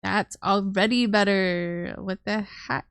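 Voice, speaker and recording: A woman's voice: mid-range voice, takes it slowly, creaky, a bit bright, clear, resonant tone, no echo. A young woman, chatting casually and teasingly with her viewers on a live stream while she draws, swearing freely. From Canada.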